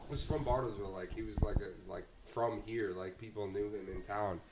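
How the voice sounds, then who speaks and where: A man's voice: on the low side, brisk, noisy background. A man from Argentina, a bartender guest on a podcast, telling a story in a loose, rambling way, full of fillers and swearing. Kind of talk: casual storytelling.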